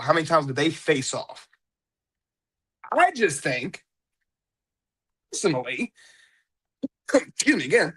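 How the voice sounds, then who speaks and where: A high-voiced man hosts his own podcast, riffing casually on his own with lots of energy. He jokes around, laughs often, and hams up getting choked up. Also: slightly rough. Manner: excitable, joking, often laughing, fake choked up. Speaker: podcast host. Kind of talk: casual solo commentary.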